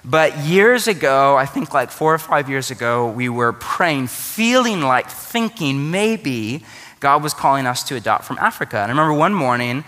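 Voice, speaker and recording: A man's voice: medium pitch, expressive, normal speed, pushed and bright, long reverb tail. A man preaching a sermon to his church, conversational and joking in his asides. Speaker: pastor.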